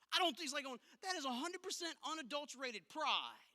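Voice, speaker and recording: A youth pastor, preaching to teens in an emphatic, conversational way with punchy asides. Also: male voice, extremely high pitch, lively intonation, fast, bright, forceful tone. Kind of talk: youth sermon. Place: church auditorium. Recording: long reverb of a large hall.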